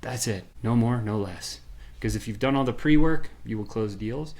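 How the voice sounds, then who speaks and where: A man guest on a podcast, explaining a sales method with lively storytelling and quick bursts of acted-out dialogue. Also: mid-range voice. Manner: animated storyteller, acts out quoted voices. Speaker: podcast guest, software founder. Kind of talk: energetic sales pitch in conversation.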